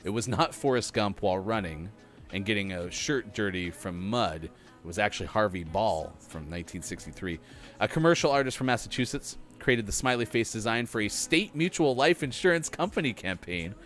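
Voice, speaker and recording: A man's voice: fairly low pitch, animated, a little fast, a bit bright, soft background music. A middle-aged man hosting a morning radio show, chatting casually and joking while reading out facts. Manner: chatty, jokey, reads facts aloud.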